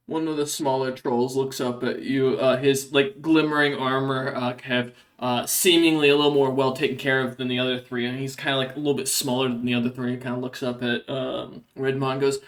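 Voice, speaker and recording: A man narrating as game master for a tabletop game, in loose, halting speech full of fillers. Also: mid-range voice, flat delivery.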